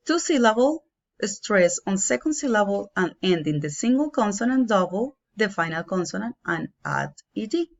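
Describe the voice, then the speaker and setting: A woman with as her teaching an English grammar lesson, slowly and carefully, spelling out each example. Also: medium pitch, big pitch swings, vocal fry. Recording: dull lo-fi home recording.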